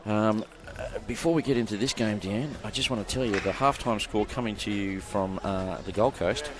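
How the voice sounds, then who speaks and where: A man calling a live netball game as play-by-play commentator, chatty and jokey. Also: on the low side. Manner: chatty, jokey, quick to laugh. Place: outdoor netball court. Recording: noisy court ambience behind.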